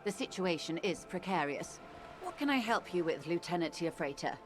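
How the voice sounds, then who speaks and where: Game role: a poised, formal negotiator, lowish voice, precise and measured, lilting delivery. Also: female voice, very animated, faint music behind. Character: composed, formal middle-aged female negotiator. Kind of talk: video game voice acting.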